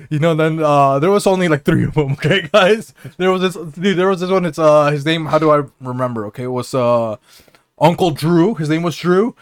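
A young man with a fairly high voice spins a loose, swear-filled story for his co-hosts, breaking into laughter along the way. It is recorded close and dry, with no room sound. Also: brisk, smooth, no room sound. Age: young adult. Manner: rambling, profane, laughs at his own stories. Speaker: podcast co-host. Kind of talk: casual storytelling chat.

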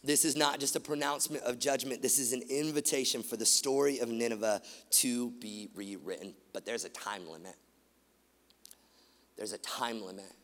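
A man preaching a sermon, animated, swinging from loud emphatic lines to quiet, hushed ones. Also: mid-range voice, normal speed. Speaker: pastor. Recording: long hall reverb.

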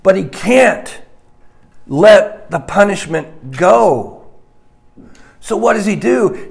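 A man preaching a sermon slowly and emphatically, dropping to a hushed voice on key points. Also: high-pitched, expressive, vocal fry, slightly rough.

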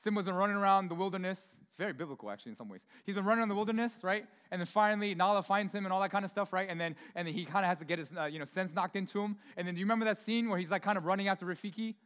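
A man preaching a sermon in a church, in a chatty, informal way full of asides and quick questions to the congregation. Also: sits high, a bit bright. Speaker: pastor. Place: church sanctuary. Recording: long hall reverb in a church.

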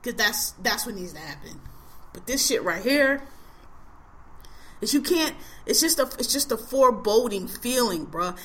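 Bright-voiced woman ranting angrily. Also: fairly high pitch, expressive, a little slow. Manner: angry, profane, emphatic ranting. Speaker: podcast host. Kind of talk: casual ranting chat.

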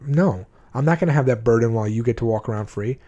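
Speaking to his viewers, a man at least in his twenties shares his life story candidly, bluntly and emotionally, frequently starting sentences over. He has a medium-pitched, dark-toned voice and talks quickly, captured in dull audio.

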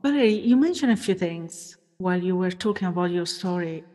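A woman interviewing a guest, asking measured questions with hesitant pauses and fillers. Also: lowish voice, animated, warm tone, in a large hall.

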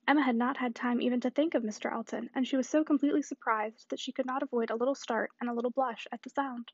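A woman reading a classic novel aloud in an even, unhurried narrating voice. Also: fairly high pitch, breathy edge, no echo, highs cut off. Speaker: audiobook reader.

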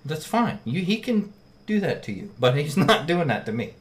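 A man's voice: a little high, big pitch swings, normal speed. A man in casual chat, blunt and heated, swearing often as he tells his side of a story.

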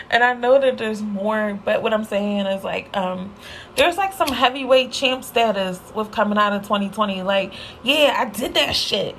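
A woman's voice: expressive, moderate pace, fairly bright tone, slight background noise, low-quality recording. Slangy, candid young woman podcaster. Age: young adult. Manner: candid and slangy, laughs often, swoops up in pitch for emphasis. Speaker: podcast host. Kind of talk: casual solo podcast monologue.

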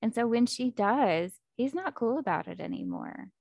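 A woman in casual chat, excitedly recapping a book plot and acting out the characters' lines. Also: fairly high pitch, moderate pace, creaky, dry recording. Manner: animated, acts out character quotes, fillers like 'like' and 'um'.

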